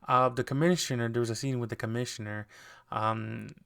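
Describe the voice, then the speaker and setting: A man's voice: mid-range voice, fairly even intonation, fairly quick, gravelly, fairly bright tone, clean tone. A man hosting a podcast, recapping TV episodes in a loose, rambling way with lots of fillers and restarts. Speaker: podcast host.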